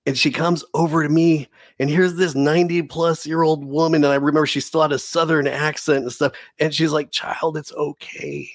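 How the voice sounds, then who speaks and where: A man's voice: a little high, dry recording, clean studio sound. A man telling his life story in a casual, earnest way, often calling his listener "dude.". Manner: earnest, animated, says "dude" a lot. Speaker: guest telling his testimony.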